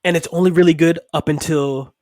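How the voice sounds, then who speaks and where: A man's voice: a little high, steady tone, fairly quick, a little mellow, no room sound. A man co-hosting a comic book podcast, talking in a laid-back, joking casual chat. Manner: laid-back, joking, runs the rating segment. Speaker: podcast co-host.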